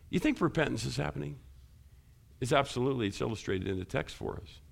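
A man preaching a sermon as pastor, asking the congregation questions and climbing high and loud when he stresses a point. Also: animated, fast talker, gravelly.

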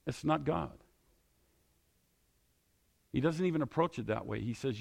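A man preaches to his congregation. He leans on emphatic, repeated questions. His voice sits at a middle pitch with a gravelly, crackling edge. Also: normal speed, pauses often, darkish tone. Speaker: pastor. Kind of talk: sermon.

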